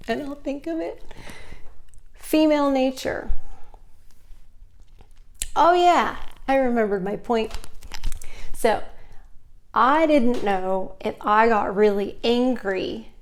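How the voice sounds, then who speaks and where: A young adult woman vlogging, telling a personal story in a casual, animated way and acting out other people's lines. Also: on the high side, takes it slowly, pauses often.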